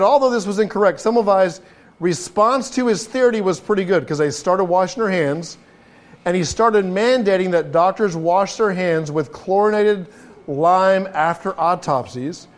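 A man with a high-pitched voice preaches a sermon from the pulpit. He talks to the congregation in a loose, conversational way, tossing them rhetorical questions. His phrases often stumble and restart before he finds the words. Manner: frequent restarts and repeated words. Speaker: pastor.

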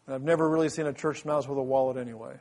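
A man's voice: medium pitch, fairly even intonation, rapid-fire, darkish tone. A man preaching a sermon as pastor in a church, fervent and full of repeated restarts. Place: church sanctuary. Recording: long hall reverb.

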